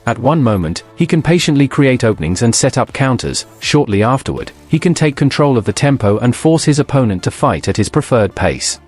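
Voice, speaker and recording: Man in measured, scripted narration. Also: medium pitch, slightly rough, soft background music. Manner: even, measured, formal.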